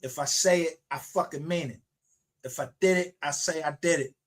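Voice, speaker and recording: A man's voice: a little high, steady tone, normal speed. Angry profane man ranting on a livestream. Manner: aggressive, profane, confrontational.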